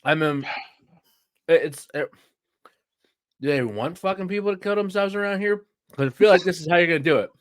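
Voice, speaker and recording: Ranting man, higher voice. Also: brisk, pauses often, no room sound, clean studio sound. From Philadelphia. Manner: heated, profane ranting. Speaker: podcast co-host. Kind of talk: casual sports chat.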